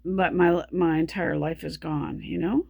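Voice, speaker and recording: A woman speaking in a personal video diary, short of breath while talking, halting and stumbling with many restarts, weary and subdued. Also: deep voice, fairly even intonation, vocal fry, warm tone, husky, no room sound. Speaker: vlogger.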